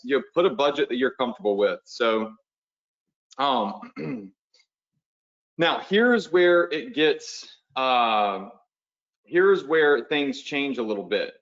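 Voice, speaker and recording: A man's voice: medium pitch, fairly bright tone, highs cut off. A man hosting a live webinar as an online business coach, talking in a casual, pushy, motivational way and often checking in with the audience.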